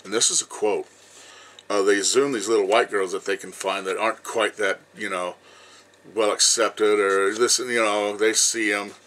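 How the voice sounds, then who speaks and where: A man in his fifties with a low voice and a bright, forceful edge tells a long personal story straight to his viewers. He rambles, jumps around, and leans on "you know" between thoughts. He swears without hesitation and speaks bluntly. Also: fairly even intonation, moderate pace, poor audio. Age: 50s. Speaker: vlogger.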